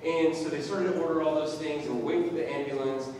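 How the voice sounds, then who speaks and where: Male pastor, storytelling sermon delivery, fairly high voice, distant mic in a reverberant hall. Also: quick pace, a crowd in the background. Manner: conversational storytelling, animated. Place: church hall. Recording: echoey hall, voice from afar.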